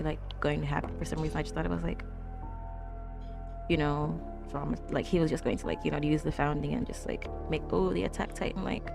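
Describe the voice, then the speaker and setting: Reacting to anime, a woman with a low, gravelly voice chats casually and talks back at the screen. She fills her speech with fillers, laughs a lot, and coos whenever something cute appears.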